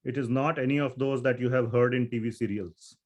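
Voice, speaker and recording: A man's voice: medium pitch, fairly even intonation, fairly quick, a little mellow. Man teaching scripture. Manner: explanatory, asks students questions. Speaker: Gita teacher. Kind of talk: scriptural lecture with Sanskrit verses.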